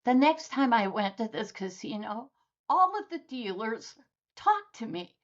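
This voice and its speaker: A woman guest on a podcast telling stories in a lively, conversational way and acting out the people in them. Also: fairly high pitch, measured pace, muffled recording. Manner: lively storyteller who acts out dialogue. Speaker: guest author.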